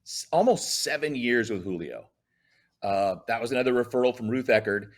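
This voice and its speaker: A man's voice: medium pitch, moderate pace. A middle-aged man, a comedian, telling stories in a casual interview and acting out the dialogue. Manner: animated, acts out dialogue in voices. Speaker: comedian guest.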